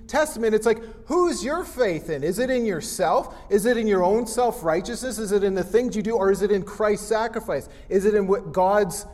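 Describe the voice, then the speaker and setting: A man's voice: sits high, normal speed, few pauses, darkish tone, long reverb tail. A man giving a casual, conversational sermon and briefly acting out the Bible characters he quotes. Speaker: pastor.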